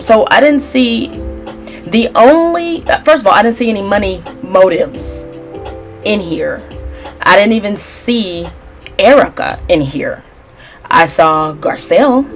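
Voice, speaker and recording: A woman giving a casual, sassy gossip recap as a tarot reader, chatty and opinionated. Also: medium pitch. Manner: chatty and sassy, mimics cast members in a raised voice.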